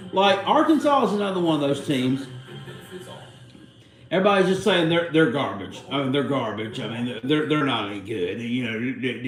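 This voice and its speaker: A man's voice: fairly high pitch, reverberant, rough recording. A middle-aged man, hosting a live watchalong stream in a casual, rambling way and cussing freely. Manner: rambling, salty, cusses freely. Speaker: livestream host.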